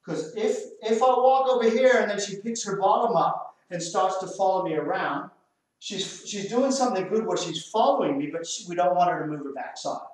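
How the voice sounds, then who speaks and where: Speaking at a moderate pace in a high voice, this Australian man works as a dog trainer and talks through a drill during a hands-on demonstration, issuing firm short commands to the dogs. He's recorded from far away, so the sound is very echoey.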